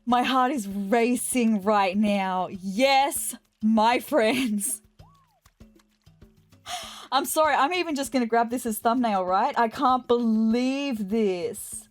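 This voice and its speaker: A woman chats through her game in a fairly high voice, gushing and excitable, often breaking off to apologize. Faint game music plays behind her casual commentary. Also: takes it slowly. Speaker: gaming video host. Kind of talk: casual let's-play commentary.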